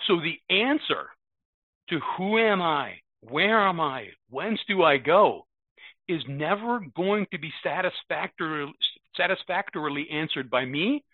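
At a recovery meeting, an American man in his fifties speaks earnestly, repeating himself and tossing in "right?" again and again. His slightly high voice has lively intonation at a moderate pace; the recording is dry yet narrow, like a phone.

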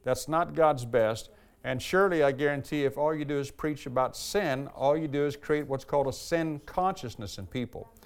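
A man preaching a sermon as pastor, earnest and emphatic, slowing down and lifting his voice to stress key lines. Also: on the high side, clear, resonant tone. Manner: earnest, emphatic preaching, slows and lifts voice when reading aloud.

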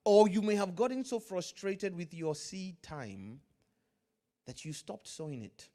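A man preaching a sermon, swinging from loud, drawn-out lines to hushed asides, with Pidgin phrases mixed in. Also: high voice, animated. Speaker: pastor.

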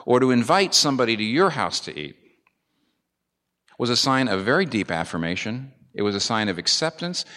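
A man's voice: mid-range voice, sharp tone. A man preaching a sermon as a pastor, earnest and building to emphatic peaks. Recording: long reverb of a large hall.

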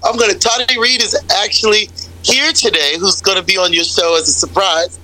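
Bright-voiced chatty American woman. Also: medium pitch, fairly quick, poor audio. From United States. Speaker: guest singer. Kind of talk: casual radio interview chat.

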